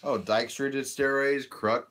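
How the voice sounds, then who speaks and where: A man's voice: mid-range voice, steady tone, unhurried, a bit bright, slight background noise. A man co-hosting a live stream, reading out viewer comments and adding dry, laid-back remarks. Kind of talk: casual live-stream chat.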